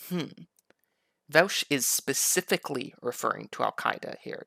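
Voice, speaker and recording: A man's voice: medium pitch, animated, normal speed, gravelly, bright, forceful tone, no echo, studio quality. A man giving sarcastic, mocking political commentary over video clips. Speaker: commentary YouTuber.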